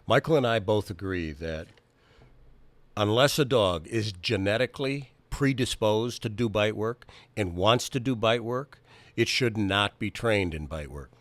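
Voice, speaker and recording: A man with a low voice reads a scripted introduction to a training video. His delivery is measured and explanatory. The recording is close and completely dry. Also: lively intonation, no room sound. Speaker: video producer and narrator. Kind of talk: scripted narration.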